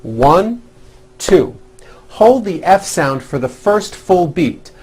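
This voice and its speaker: Slow, deliberate male pronunciation teacher. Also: high-pitched, very animated, a little mellow. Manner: slow, deliberate, exaggerated demonstration of sounds. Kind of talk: scripted English pronunciation lesson.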